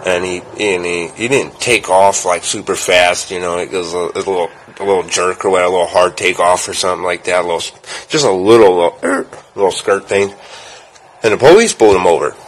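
A young man with a low voice spins a long, loose story, full of ums and swearing. He jumps up loud when he acts out what people said, then drops back to a relaxed mumble. A faint hum of room noise sits under him. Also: fairly quick, poor audio. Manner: profane, rambling, with filler words and loud acted-out quotes. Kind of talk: casual storytelling.

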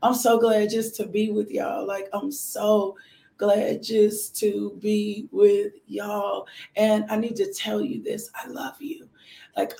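Woman, hoarse, gravelly, devotional host, repetitive thanksgiving prayer, roomy echo. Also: mid-range voice. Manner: warm, repetitive thanksgiving, greets viewers by name. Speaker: host of a morning devotional livestream. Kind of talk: casual devotional talk and prayer.

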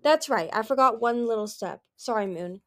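A woman's voice: on the high side, animated, normal speed, fairly bright tone, dry recording, studio quality. Darkstalker, a woman voicing a charming old male dragon. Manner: proud, easygoing, smooth-talking. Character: grand charming ancient male dragon, smooth and persuasive.

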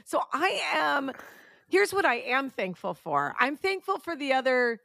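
A woman's voice: sits high, big pitch swings, measured pace, gravelly, sharp tone, no room sound, clean studio sound. A young woman co-hosting a casual podcast, telling self-deprecating stories in a chatty way. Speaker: podcast co-host. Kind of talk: casual chat.

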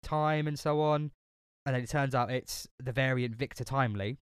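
A man's voice: medium pitch, normal speed, clear, resonant tone, no echo, studio quality. A man casually chatting about a film on a podcast, full of fillers, restarts and swearing. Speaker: podcast co-host.

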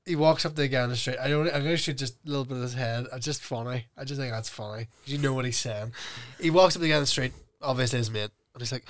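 A young man co-hosting a podcast, telling stories in an animated way and putting on voices when he quotes people. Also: medium pitch, racing. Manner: animated storyteller who puts on voices when quoting. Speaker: podcast co-host. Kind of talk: casual chat.

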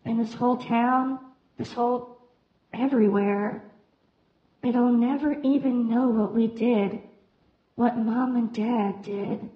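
A young woman playing a grieving young woman who speaks softly through tears in a halting way. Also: a little high, steady tone. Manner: soft, halting, slow. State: tearful. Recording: echoey room, slightly muffled.

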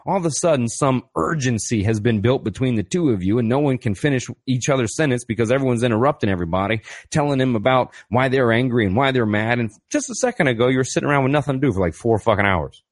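A man's voice: mid-range voice, lively intonation, fast talker, hardly any pauses. A man hosting a podcast, talking through self-help advice in a blunt, casual way, swearing freely and asking rhetorical questions. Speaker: podcast host and author.

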